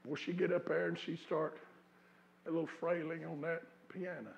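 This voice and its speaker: A man preaching in a church, his voice pitched high and roughened by a gravelly fry. He tells his stories in a folksy way and builds them into fervent peaks. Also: level tone, normal speed, lo-fi sound, a little hiss or hum. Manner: folksy storytelling, rising to fervent shouts. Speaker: pastor. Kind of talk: sermon. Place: church sanctuary.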